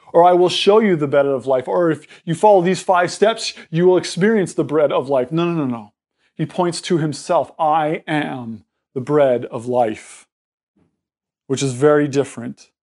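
A man's voice: fairly high pitch, a little mellow. A man preaching a sermon, earnest and explanatory, often restarting his words as he talks. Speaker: pastor.

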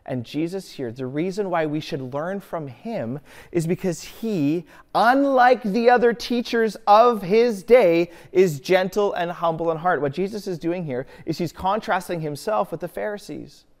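A man's voice: high-pitched, measured pace. A man preaching a sermon as a pastor, earnest, often asking himself a rhetorical question and answering it.

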